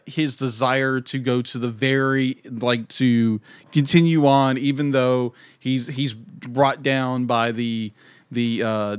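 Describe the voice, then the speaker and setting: A man's voice: mid-range voice, smooth, no echo. A man co-hosting a podcast, chatting casually and animatedly about a film. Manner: animated, breaks into silly voices. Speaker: podcast co-host. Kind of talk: casual film review chat.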